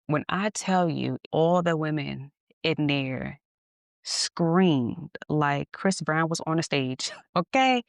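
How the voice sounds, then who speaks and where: A woman podcast host telling a personal story in a candid, animated way, laughing at times. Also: low-pitched, slow, no echo, studio quality. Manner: animated, candid, acts out dialogue, laughs often.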